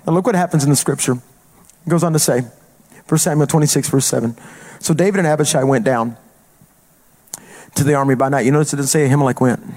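A man's voice: fairly high pitch, fast talker, pauses often, a little mellow. A male traveling evangelist preaching a sermon in an emphatic, colloquial way, repeating phrases for punch.

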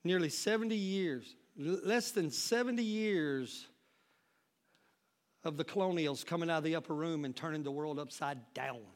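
A man preaching a sermon as pastor, calling out to the congregation and building up to shouts. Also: on the high side, moderate pace.

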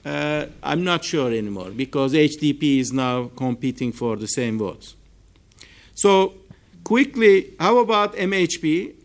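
Turkish-accented male researcher, slow deliberate seminar delivery, slightly higher voice, full of ums. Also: animated. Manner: measured, hesitant with frequent fillers. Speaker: political science researcher. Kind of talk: academic seminar talk. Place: seminar room.

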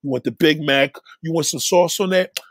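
A man voicing a brusque female fast-food cashier. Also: a little high, fairly bright tone, no echo, clean studio sound. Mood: curt.

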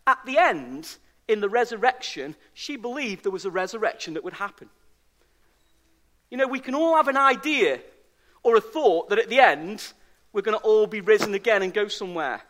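Man, sermon, bright forceful tone, emphatic, repeats himself for stress. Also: sits high, animated, normal speed. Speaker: pastor. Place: church service.

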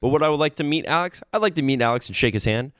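A man co-hosting a comedy podcast, talking in a deadpan, playfully contrarian way. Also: on the high side, rapid-fire, no echo, studio quality. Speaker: podcast co-host. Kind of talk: casual comedic chat.

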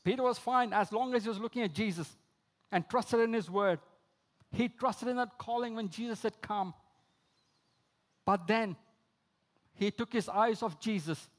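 A man preaching a sermon, repeating key phrases, calling listeners friends, and swinging between emphatic outbursts and low, quiet lines. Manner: rises to emphatic high exclamations, drops low for quoted lines.

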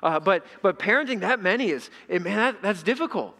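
A man's voice: high voice, lively intonation, a little fast, pushed and bright. A middle-aged male pastor preaching a sermon in a conversational way, often asking the congregation questions. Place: church sanctuary. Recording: echoey hall.

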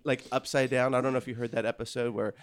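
A man hosting a comedy talk show, chatting and laughing with guests and a caller. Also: mid-range voice. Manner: laughing, animated, quick asides. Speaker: radio show host. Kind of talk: casual comedic chat.

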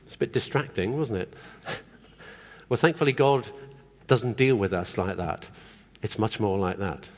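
A man's voice: lowish voice, measured pace. A man preaching a sermon in a conversational way, often asking the congregation questions. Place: church hall. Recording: long hall reverb.

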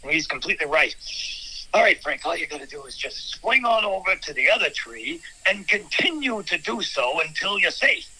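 A man's voice: a little high, sing-song, moderate pace, sharp tone, slightly rough, pitched below the performer's own voice, full character voice, poor audio. A man voicing a jittery, bumbling private investigator who stammers and rambles on a comedy phone bit. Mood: coaching. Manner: stammering, rambling, repeats himself.

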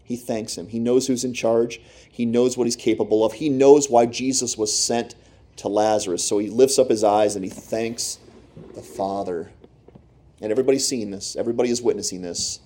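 Man, pastor, sermon, warm low tone, chatty asides to the congregation, loud-to-hushed swings. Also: moderate pace. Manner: animated storytelling, rising and dropping to near whispers; talks to the congregation directly with asides.

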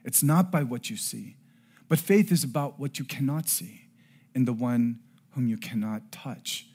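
A middle-aged man preaching a sermon and telling a personal story, earnest, rising to loud emphasis and dropping to hushed tones. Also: mid-range voice, measured pace, husky. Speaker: pastor.

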